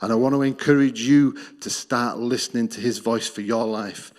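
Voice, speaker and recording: A middle-aged Australian man giving a missions testimony in church, telling his story earnestly and dropping low and soft on key lines. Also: fairly even intonation, normal speed. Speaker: missions speaker.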